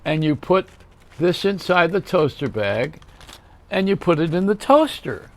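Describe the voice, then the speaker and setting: An older male host rambles through a comedic monologue, tossing off wisecracks and one-liners as he talks straight to the viewer. His voice sits a little higher than most men's. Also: big pitch swings, unhurried.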